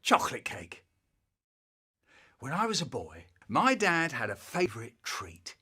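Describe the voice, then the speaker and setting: A man's voice: mid-range voice, huge pitch swings, measured pace, sharp tone, husky. An older man telling a comic childhood story, acting out every character with big voices and exaggerated sounds.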